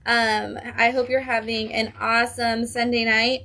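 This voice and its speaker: Bright, upbeat woman hosting a livestream. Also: fairly high pitch, little pitch movement, a little slow, slight background noise. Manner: upbeat and chatty, with frequent ums. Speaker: comic shop livestream host. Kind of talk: casual livestream chat. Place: comic book shop.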